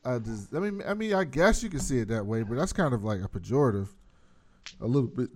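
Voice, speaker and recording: A man's voice: mid-range voice, expressive, quick pace. A man in casual chat, recapping a TV episode and acting out the characters' lines with energy.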